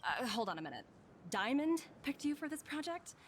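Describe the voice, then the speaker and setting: A woman's voice: sits high, sing-song, moderate pace, slight background noise. An actress playing a blunt, impatient young female corporate manager in a game. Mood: curt. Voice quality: curt, impatient.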